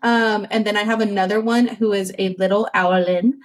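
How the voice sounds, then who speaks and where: A woman's voice: mid-range voice, steady tone, moderate pace. A woman on a podcast, chatting casually and rambling about her tabletop characters with frequent ums.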